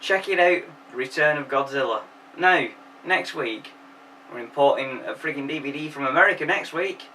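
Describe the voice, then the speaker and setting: A man's voice: a little high, normal speed, pushed and bright, recorded from a distance, a little hiss or hum, poor audio. A young man hosting a casual, sarcastic and sweary film recap. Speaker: film reviewer host.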